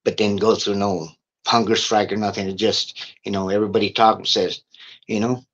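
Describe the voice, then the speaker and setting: A middle-aged man, a guest on an interview, telling rough stories in a casual, profane, streetwise way. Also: lowish voice, steady tone, normal speed, fairly bright tone. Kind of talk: casual storytelling. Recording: dull lo-fi recording.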